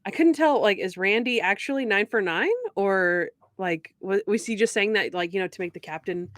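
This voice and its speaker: A woman co-hosting a TV recap podcast, summarizing a plot and chatting, animated and quick to act out characters' lines with laughs. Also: medium pitch. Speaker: podcast co-host. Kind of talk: episode recap and casual chat.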